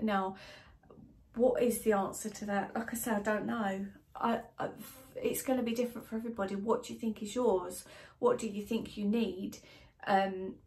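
Emotional British woman vlogger, mid-pitched, halting and hesitant, openly sad. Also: darkish tone. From Britain. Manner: hesitant, halting, many restarts and fillers. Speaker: wellbeing vlogger. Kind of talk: casual emotional vlog to camera.

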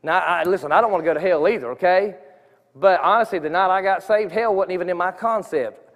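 Brisk and high-sitting, a man's voice carries an informal sermon testimony through a church sanctuary with a long hall reverb. He speaks earnestly and conversationally, frequently breaking off to restart his sentences.

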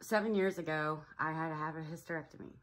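A woman talking to her own camera at home in a personal vlog, nervous and tearful, halting with fillers and a shaky voice. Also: low voice, fairly bright tone. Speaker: vlogger. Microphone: camera mic.

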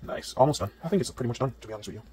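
Brisk, chatty Jamaican man cooking. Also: medium pitch, lively intonation, slight background noise. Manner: chatty, upbeat, talks to viewers while cooking. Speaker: home cook. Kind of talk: cooking vlog narration. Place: home kitchen. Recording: home kitchen with loud sizzling pan.

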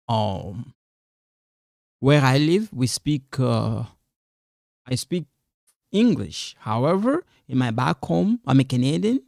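A man walks through a French quiz, his delivery unhurried and deliberate. He repeats each phrase patiently so learners can follow, and the recording sounds dry and close. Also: fairly high pitch, gravelly, darkish tone, no room sound. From Congo. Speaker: French teacher. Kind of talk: quiz walkthrough lesson.

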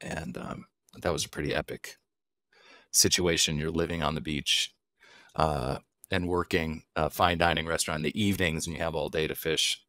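A man's voice: very deep voice, fairly even intonation, moderate pace, pushed and bright, no echo. A middle-aged man, a wild game chef, talking casually as a podcast guest, an easygoing storyteller who asks and answers his own questions.

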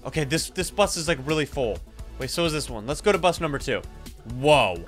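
An excitable young man gives chatty gameplay commentary and talks straight to his viewers. His voice sits fairly high. Faint background music plays under him. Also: fast talker. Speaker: gaming YouTuber.

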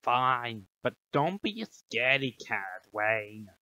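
A guy doing calm nerdy twin boy. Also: mid-range voice, takes it slowly, dry recording, highs cut off, full character voice.

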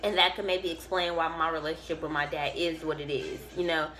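A woman's voice: sits low, little pitch movement, a little fast, a bit bright. A woman giving a casual tarot reading to camera. She talks in an emphatic, profane and preachy way, rambling and restarting her sentences. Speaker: tarot reader.

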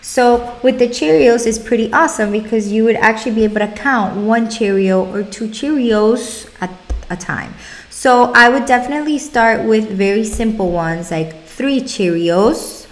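A young adult woman, a speech-language pathologist, talking parents through exercises in an upbeat way and stretching out words slowly to demonstrate. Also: on the high side. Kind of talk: instructional talk to parents.

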